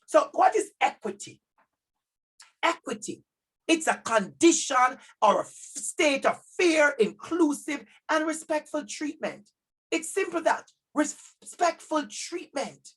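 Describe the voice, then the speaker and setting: A man with a Jamaican accent giving a lively workshop talk to parents over a video call, stressing key words by repeating them and calling out audience members by name. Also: very high voice, a little slow. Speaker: keynote speaker at a parent conference.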